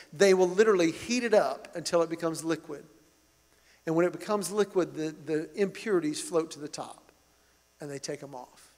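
Middle-aged male pastor, high voice, earnest emphatic sermon delivery, long hall reverb.

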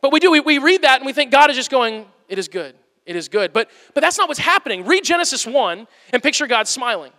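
A man preaching a conversational sermon to a live audience, animated and plain-spoken. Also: very high voice, quick pace, hardly any pauses. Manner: animated, plain-spoken, playfully acts out quotes. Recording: long hall reverb.

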